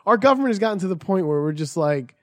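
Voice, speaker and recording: A man's voice: high-pitched, expressive, fast talker, no room sound, studio quality. A man co-hosting a podcast, reading news stories aloud and riffing on them with crude, joking banter. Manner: profane, jokey, reads headlines then riffs. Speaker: podcast co-host.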